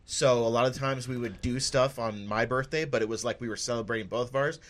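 A man with a mid-pitched voice tells a rambling story in a casual podcast chat. He is relaxed and swears offhandedly. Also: fairly quick. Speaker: podcast co-host.

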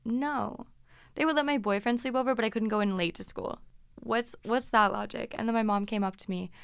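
A woman's voice: fairly high pitch, brisk, vocal fry, smooth, no room sound, clean studio sound. A woman in her twenties casually telling stories from her teens as a podcast host, chatty and dramatic. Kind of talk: casual storytelling.

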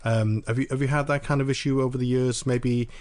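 A man's voice: mid-range voice, steady tone, a little fast, a little mellow, dry recording. A man from Wales hosting a podcast, putting reflective and hedging questions to his guest. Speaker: podcast host, interviewer. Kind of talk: conversational interview.

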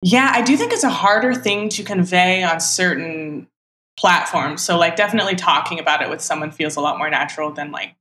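A woman's voice: medium pitch, a bit bright. A woman in her thirties, a podcast guest talking casually and reflectively, with lots of filler words. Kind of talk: casual chat. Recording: roomy echo.

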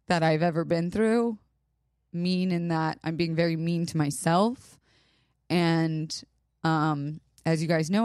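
A young woman speaks low and slowly on her podcast, pausing often as she fights back tears. Her delivery is halting and emotional, full of fillers and restarts. The sound is dry and close. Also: darkish tone, smooth, no echo. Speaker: podcast host. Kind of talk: personal monologue.

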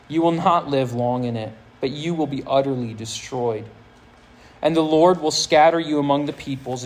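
A male pastor preaching a sermon to a high school audience, reading scripture aloud with earnest emphasis. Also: poor audio.

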